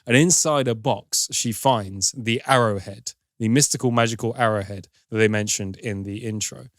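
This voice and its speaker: A man's voice: lowish voice, normal speed, no room sound, clean studio sound. A man, a podcast film reviewer, chattily retelling a film's plot with wry, sarcastic asides. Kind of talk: casual plot recap.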